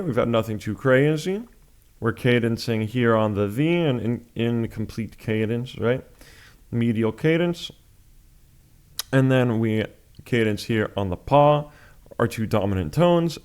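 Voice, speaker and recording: A man's voice: medium pitch, expressive, measured pace. A man teaching chant in a music lesson, explaining step by step with patient, plain talk and sung examples.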